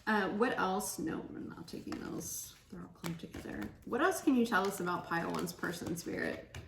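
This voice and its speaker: A woman's voice: on the low side, normal speed, vocal fry. A woman giving a casual pick-a-card tarot reading, chatty and giggly, laughing often. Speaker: tarot reader. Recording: echoey room with faint noise.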